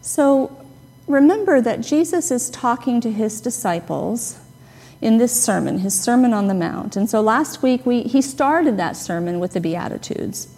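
A woman pastor giving a conversational, gently humorous sermon, stressing key words. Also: a little high, expressive, measured pace. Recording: long reverb of a hall.

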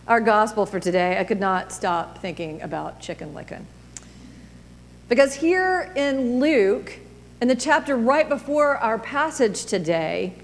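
A woman pastor giving a children's sermon, reading a storybook in an animated, expressive way. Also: on the high side, in a large hall.

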